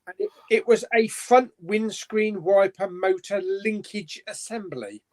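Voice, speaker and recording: A man hosts a relaxed live stream and chats away, full of "um"s and half-finished sentences. His voice sits high for a man. He sounds easygoing and rambling. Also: slow pace. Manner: chatty, rambling with fillers and restarts. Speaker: host. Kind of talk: casual live-stream chat.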